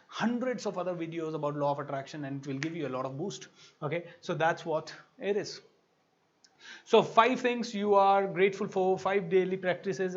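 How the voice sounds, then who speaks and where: High-voiced Indian man coaching. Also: highs cut off. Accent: Indian English. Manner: animated storytelling, acts out quoted voices. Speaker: motivational coach. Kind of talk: motivational talk.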